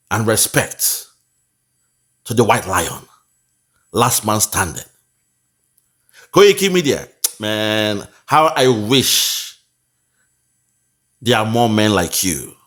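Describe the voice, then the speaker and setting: A man's voice: fairly low pitch, a bit bright. Heated Nigerian man mocking a clip. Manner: mocking, heated, mixes in pidgin. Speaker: commentator. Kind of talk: reaction commentary.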